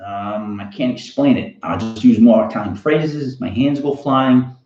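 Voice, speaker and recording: A man with a Boston accent hosting a fantasy football show, telling a rambling, animated story in a casual monologue. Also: medium pitch, a little slow. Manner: rambling, animated, self-interrupting. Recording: roomy, dull lo-fi sound.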